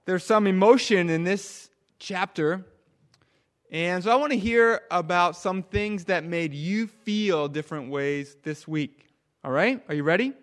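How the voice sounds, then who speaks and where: A man leading a children's sermon, asking the kids questions and swinging from loud emphasis down to a near hush. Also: high voice, unhurried. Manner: animated, drops to a hush for emphasis. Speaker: pastor.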